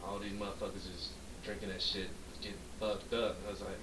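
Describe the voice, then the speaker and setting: A low-pitched man speaking a little fast co-hosts a podcast and recounts a long, profane story in a drunken storytelling chat, animatedly acting out what people said. The mic is distant, the room echoes and there's a faint hiss.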